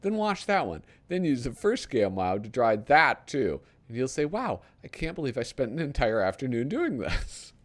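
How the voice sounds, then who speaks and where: A man reading a parody ad aloud in the voice of a brash, fast-talking male TV pitchman with pushy hard-sell patter. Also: very animated.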